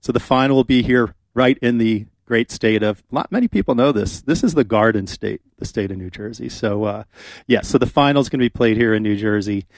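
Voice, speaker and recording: A man's voice: medium pitch, a little fast, no room sound, studio quality. A man hosting a radio talk show, talking casually and chattily with frequent fillers. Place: radio studio. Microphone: studio microphone.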